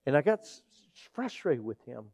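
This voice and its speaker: A man's voice: mid-range voice, big pitch swings, normal speed, darkish tone, no room sound, clean studio sound. A man preaching as a pastor, telling stories earnestly and acting out the people in them. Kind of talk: sermon with personal storytelling.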